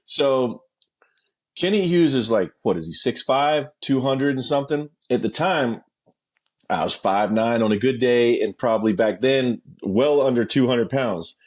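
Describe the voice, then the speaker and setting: Husky man telling a rowdy story. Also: unhurried. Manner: animated, acts out quotes with sudden pitch jumps; swears freely, laughs mid-story. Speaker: interview guest. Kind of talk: casual storytelling.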